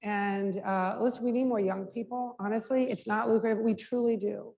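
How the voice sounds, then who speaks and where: Speaking in a gravelly, fairly high, mellow voice at normal speed and a steady tone, this middle-aged mayor answers questions as a guest speaker at a public talk. She is frank and conversational, restarting often and using many fillers. The lecture hall recording is reverberant, with faint noise behind her.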